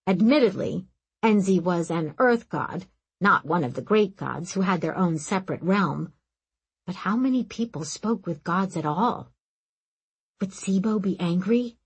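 Breathy woman narrating a fantasy audiobook. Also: medium pitch, poor audio. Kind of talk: scripted narration.

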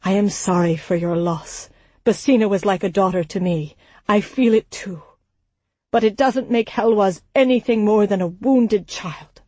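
A woman voicing a protective, gentle father. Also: medium pitch, a little slow, no room sound, lightly acted.

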